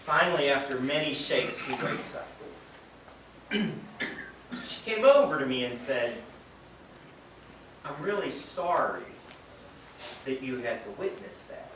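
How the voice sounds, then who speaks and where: A man's voice: mid-range voice, expressive, slow, pauses often. A man giving a speech at a charity event, telling earnest stories with touches of self-deprecating humor. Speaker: treatment center director giving a speech. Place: event venue, indoors or under a tent. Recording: very echoey, distant from mic, noisy.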